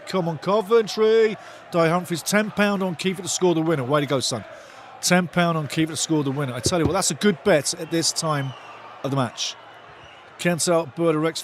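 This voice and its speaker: A man hosting a live football watch-along, commentating excitedly, shouting at big moments and reading viewer comments aloud, often repeating his phrases. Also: on the high side, moderate pace, a little hiss or hum.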